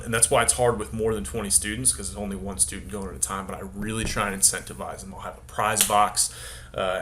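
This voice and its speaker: Casual male teacher with a lowish voice, upbeat and chatty, a faint room hum under him. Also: a bit bright. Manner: upbeat, acts out classroom dialogue. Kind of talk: casual instructional talk to camera.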